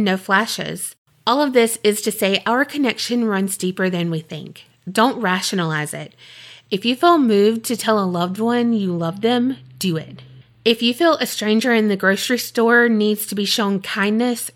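A woman's voice: mid-range voice, a little slow. A young adult woman co-hosting a podcast, reading a listener's letter aloud in an earnest way and teasing her co-host in between.

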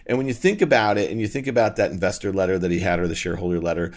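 Lower-voiced man asking long questions. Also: very fast. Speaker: podcast co-host. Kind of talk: casual podcast interview.

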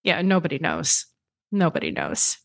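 A woman's voice: low voice, wildly swooping pitch, normal speed, gravelly, dry recording, clean studio sound. A woman co-hosting a podcast in casual chat, chatty and self-deprecating, reading listener comments. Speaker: podcast co-host.

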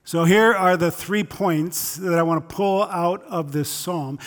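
A man's voice: sits high, measured pace. A male pastor preaching a sermon, earnest and emphatic, asking pointed questions of the congregation. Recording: long hall reverb.

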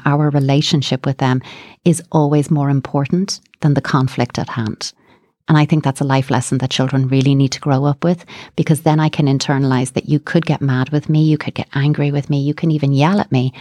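A woman speaks as a psychotherapist guest on a podcast, calm and explanatory. Her voice sits low. The sound is dry and close, with no room echo. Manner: calm, explanatory, acts out example dialogue. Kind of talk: podcast interview, explaining advice.

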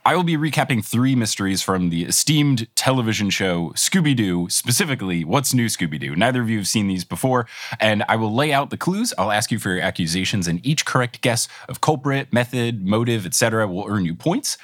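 A man's voice: lowish voice, fairly quick, no room sound, clean studio sound. A man hosting a podcast game, recapping a cartoon mystery in a playful, joking way. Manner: animated, jokey, laughs at own lines. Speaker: podcast host.

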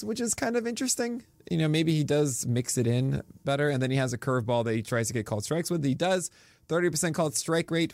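A man's voice: medium pitch, a little mellow, dry recording. A man co-hosting a casual sports podcast, rattling off statistics and laughing at his own puns. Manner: stat-heavy, talks fast and laughs at his own puns. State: drinking coffee. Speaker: podcast co-host. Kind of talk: casual fantasy baseball podcast chat.

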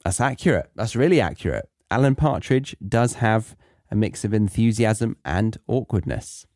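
Lively British man hosting a podcast. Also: on the low side, normal speed, dry recording, studio quality. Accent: British English. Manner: chatty, animated, with frequent restarts. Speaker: podcast host and English teacher. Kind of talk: casual podcast monologue.

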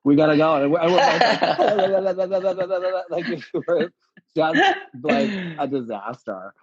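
A young adult man, a drag performer guest, telling his story with lively acted-out quotes and frequent laughs over a live video call. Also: fairly high pitch, unhurried, slightly rough, no room sound. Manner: animated storytelling, acts out quotes, laughs often. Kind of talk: casual interview chat. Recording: dull lo-fi live-stream audio.

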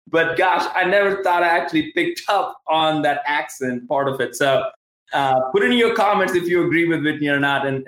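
A man's voice: a little high, fairly bright tone, reverberant, rough recording. An enthusiastic man with a Southern US accent hosting a live-streamed interview, talking in rambling bursts with many restarts. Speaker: host.

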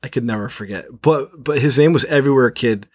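Brief: young male podcast co-host, casual, animated storyteller, swears freely. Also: medium pitch, fast, breathy edge, dry recording. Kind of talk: casual chat.

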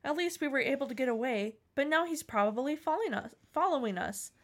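Young woman, fairly high voice, reads her teenage fanfic aloud with theatrical flair. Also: expressive, quick pace. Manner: theatrical reading, jumping high for quoted lines. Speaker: co-host reading her old writing aloud. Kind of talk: dramatic reading of teenage fan fiction.

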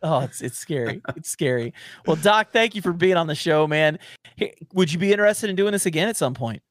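A man's voice: a little high, lively intonation, fairly quick, dry recording, clean studio sound. A man hosting a casual podcast interview, joking and teasing, often restarting his sentences. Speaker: podcast host.

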